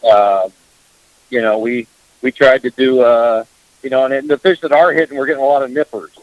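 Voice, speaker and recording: A man's voice: mid-range voice, steady tone, a little fast, no echo, muffled recording. A man chatting casually as a guest about fishing on the radio, rambling with lots of filler words. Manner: rambling, heavy on "you know" fillers.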